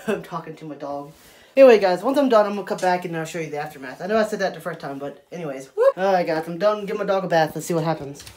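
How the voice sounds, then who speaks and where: A woman's voice: on the low side, fast talker, darkish tone. A young woman chatting casually in a home vlog and coaxing her dog along. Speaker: vlogger.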